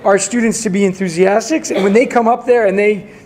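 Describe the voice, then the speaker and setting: A man leading an adult prayer study session in a synagogue classroom, talking in a relaxed, chatty way with fillers. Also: high-pitched, a little fast, a crowd in the background.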